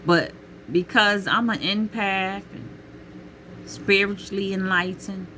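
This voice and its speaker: A middle-aged woman talking casually to camera with emphatic, expressive delivery, calling listeners honey and child and calling out to God. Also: mid-range voice, slow pace, a little hiss or hum. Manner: peppers talk with exclamations to God. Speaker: vlogger giving relationship advice.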